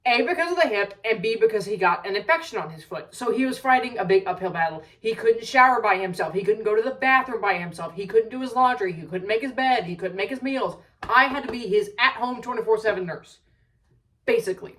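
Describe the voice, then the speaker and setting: A woman's voice: fairly high pitch, lively intonation, brisk, a bit bright, far from the mic, poor audio. A young adult woman telling a story at home in a casual rant, swearing a lot, exasperated and full of rambling asides. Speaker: vlogger.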